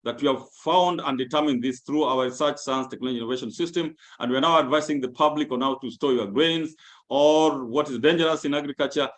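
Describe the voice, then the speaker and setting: Guy running an online training over a video call, talks quick, earnest, keeps restarting words. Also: medium pitch. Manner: earnest, explanatory, rephrasing points and repeating words as he searches. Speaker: government agency presenter. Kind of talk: virtual training presentation.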